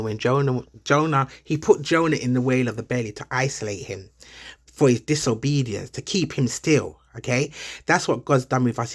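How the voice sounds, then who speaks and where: A woman with a bass voice records an impassioned vlog on her phone while out and about, in a shop and a car, preaching encouragement. She speaks emphatically and excitably, repeating her words, with no room sound.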